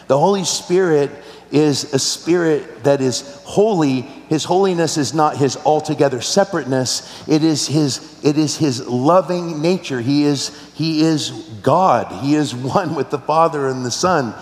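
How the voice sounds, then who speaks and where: Male pastor, earnest, personal sermon delivery, preaching in a big roomy church with long reverb. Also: a little high. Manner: earnest, personal storytelling with rhetorical questions. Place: large church hall.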